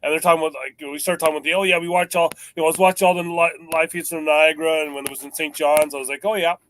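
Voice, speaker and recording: A man's voice: a little high, fairly even intonation, very fast, fairly bright tone, rough recording. A man co-hosting a casual podcast, bantering and teasing his co-host.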